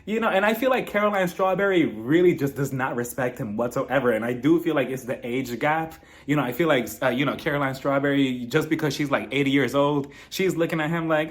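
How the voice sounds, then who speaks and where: A man's voice: mid-range voice, a little fast, few pauses. A man giving a casual, sarcastic recap of a reality show, chatty and laughing at his own jokes.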